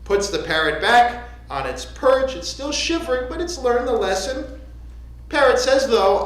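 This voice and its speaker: Lively rabbi in an echoey sanctuary. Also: mid-range voice, measured pace. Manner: conversational, joking. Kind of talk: sermon. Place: synagogue sanctuary.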